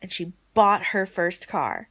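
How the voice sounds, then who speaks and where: Vlogging from home late at night, a woman rambles through a casual, emotional diary entry, bursting with excitement one moment and murmuring softly the next. She talks slowly, and the sound has no echo.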